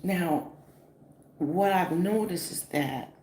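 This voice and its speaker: A woman in her forties from the northeastern US telling a story in a casual, animated, profane vlog style, full of fillers. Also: a bass voice, unhurried, long pauses. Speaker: vlogger. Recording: echoey room with faint noise.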